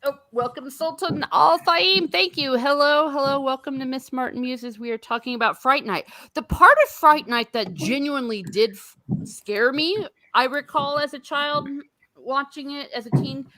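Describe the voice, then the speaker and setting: A middle-aged woman hosts a casual livestream chat, her voice sitting a little high. She talks loosely and laughs often. Now and then she stops to welcome viewers by name. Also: normal speed, pushed and bright. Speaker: host.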